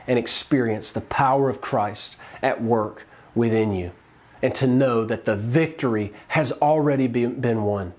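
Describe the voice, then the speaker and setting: A man's voice: medium pitch, a little mellow. A man preaching a sermon as a pastor, earnest and emphatic.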